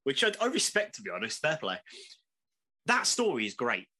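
Casual podcast co-host, male, husky and very lively in pitch. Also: moderate pace. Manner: animated, swearing, laughing often, big pitch swings. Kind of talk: casual chat.

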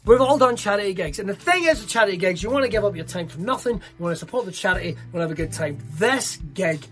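Scottish man, stand-up comedian, swearing, lively storytelling. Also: sits high, fast, soft background music. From Scotland. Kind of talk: stand-up routine.

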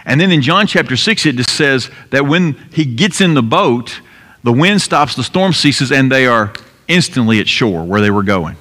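A man's voice: mid-range voice, animated, normal speed, sharp tone. A male pastor preaching a sermon in an earnest, emphatic way, repeating key phrases for effect. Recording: long hall reverb.

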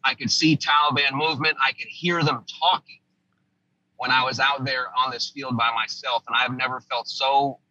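A man from the United States tells a war story as a guest in a casual interview, pushing his husky voice out with a hard, forceful edge. He circles back and restarts his sentences as he relives the moment, and the podcast audio sounds dull and lo-fi. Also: medium pitch, fairly even intonation, moderate pace. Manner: vivid first-person war retelling with restarts. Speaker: podcast guest, former army sergeant.

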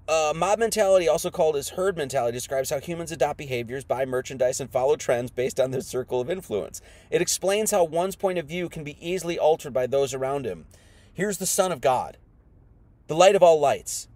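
A man's voice: fairly high pitch, a little fast, dark tone. A man preaching an informal sermon, firing off rhetorical questions in a folksy, combative manner.

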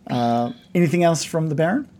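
A man narrating as game master of a tabletop game, halting with frequent ums and restarts. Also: a little high, lively intonation, dark tone. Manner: hesitant, many ums and restarts.

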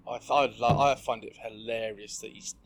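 A man co-hosting a football podcast in casual chat, talking in a relaxed, rambling way. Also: mid-range voice, fairly quick. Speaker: podcast co-host.

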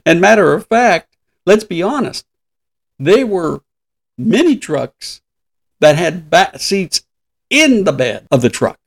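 A man in his sixties hosts a casual podcast, his voice sitting high for a man. He rambles through anecdotes with frequent chuckles, a chatty storyteller among friends. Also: big pitch swings, takes it slowly, gravelly, long pauses. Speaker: podcast host. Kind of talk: casual chat.

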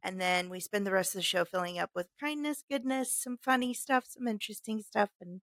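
A woman co-hosting a casual late-night podcast, chatty and giggly, guiding listeners through a calming breath. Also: medium pitch, a little fast, no echo, studio quality. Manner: giggly, chatty, leads calm breathing exercises. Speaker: podcast co-host.

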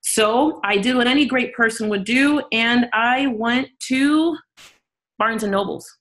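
Woman guest, middle-aged, from Miami, animated storyteller, fairly high voice. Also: a little slow. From Miami, Florida. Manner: animated, acts out quoted voices. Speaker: podcast guest, entrepreneur. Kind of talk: storytelling interview talk.

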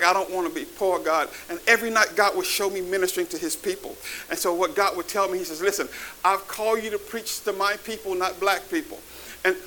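High, bright-voiced preaching man. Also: a little hiss or hum, low-quality recording. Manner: animated, calls out to the audience, swells to shouting. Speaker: bishop preaching to a congregation. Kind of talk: sermon with testimony. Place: church before a live congregation.

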